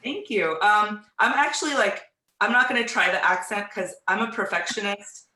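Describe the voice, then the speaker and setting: A woman's voice: mid-range voice, moderate pace, sharp tone, roomy sound, rough recording. Chatty woman from the American South. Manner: chatty, rambling, self-deprecating. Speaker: therapist. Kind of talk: casual introduction on a group video call. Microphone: video call.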